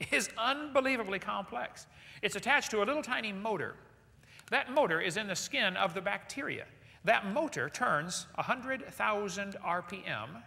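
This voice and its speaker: A man giving a lecture to a live audience in a large hall, animated and jokey, firing rhetorical questions at the crowd. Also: high voice, gravelly. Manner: jokey asides. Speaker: seminar speaker. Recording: long hall reverb.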